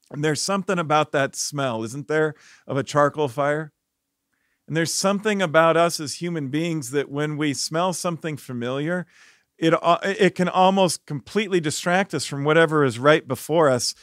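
A man preaching a devotional sermon as a pastor, telling stories earnestly and dropping his voice softly for the reflective parts. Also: on the high side, moderate pace, no echo, studio quality. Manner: earnest storytelling, rising when animated, dropping soft for reflection.

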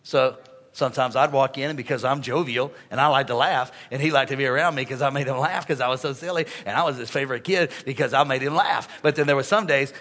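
A man preaching a sermon as pastor, animated and joking, calling on the congregation to respond. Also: mid-range voice.

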